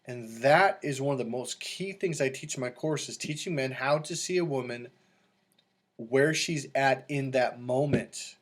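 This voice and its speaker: A man's voice: medium pitch, measured pace. A middle-aged man coaching in a casual monologue, telling stories and acting out quoted voices with animation. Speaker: dating coach.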